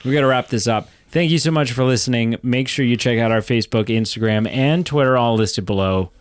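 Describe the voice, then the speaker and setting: A man co-hosting a casual podcast chat, chatty and self-deprecating, talking through rapid runs. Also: mid-range voice, clean tone, no room sound, clean studio sound. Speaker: podcast co-host.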